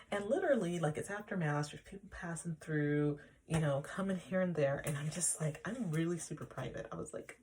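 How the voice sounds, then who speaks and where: A woman's voice: fairly low pitch, fairly quick, warm tone. A woman vlogger telling a personal story in a candid, confiding way, often sinking to a near whisper.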